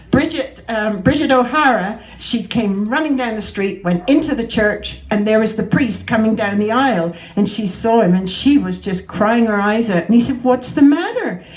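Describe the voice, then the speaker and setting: A woman's voice: on the high side, normal speed, low-quality recording. Older woman telling jokes, laughing along. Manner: chatty, laughing at her own punchlines. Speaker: joke teller at a talent show. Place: community event room.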